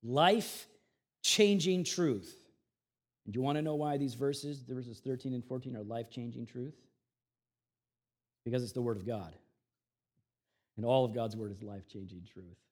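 A male pastor preaching a sermon in an animated, conversational way, with casual slang. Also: mid-range voice.

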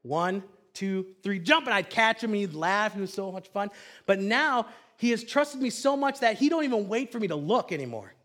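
A high-pitched man in his thirties delivers a pastor's sermon. He tells stories with animation, dropping to a hush and then rising loud again. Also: fairly quick. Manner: animated storytelling, swinging from hushed to loud.

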